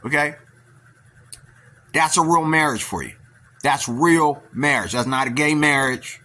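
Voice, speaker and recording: A man's voice: fairly high pitch, a little slow, bright, forceful tone. A man giving blunt, rambling reaction commentary, often asking "okay?" to drive points home. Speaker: video commentator.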